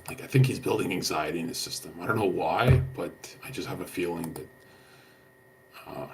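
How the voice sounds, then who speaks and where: A man's voice: low-pitched, moderate pace, noisy background. A young man talking to his stream chat in a blunt, slangy way, swearing and saying "bro" a lot. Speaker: livestreamer answering chat.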